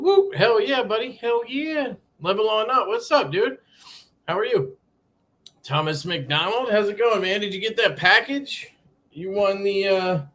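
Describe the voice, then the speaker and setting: Slightly high-voiced guy chatting on a live stream, loose and sweary, shouting out viewers. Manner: loose and profane, greets viewers by name. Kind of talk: casual live stream chat. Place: home room being moved into.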